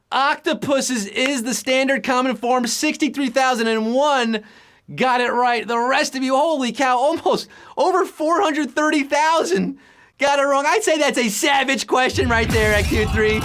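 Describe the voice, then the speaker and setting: A man hosting a live trivia game show, full of quick puns and jokes. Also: very high voice, a bit bright. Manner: jokey, punny, quick patter.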